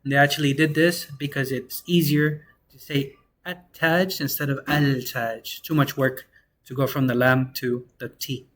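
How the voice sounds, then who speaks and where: A young man teaching an Arabic class in a casual, slangy way, slowing down to sound out each word. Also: medium pitch. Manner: relaxed, slangy, slows down to sound out words.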